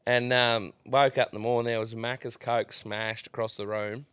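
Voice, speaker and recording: A man, a guest on a chat podcast, telling sweary, animated stories. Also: mid-range voice, normal speed, smooth, no room sound. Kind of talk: casual chat.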